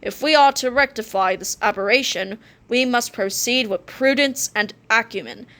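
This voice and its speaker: Pompous villain gym teacher, put-on British accent, grand and slow, voiced by a woman. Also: a little high, a bit bright. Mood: haughty.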